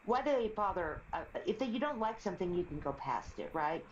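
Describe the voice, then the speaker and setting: Speaking fairly quickly in a sing-song, medium-pitched voice, this middle-aged woman rambles through stories on a live stream and laughs a lot. There's background noise, and the casual chat has roomy, slightly dull audio.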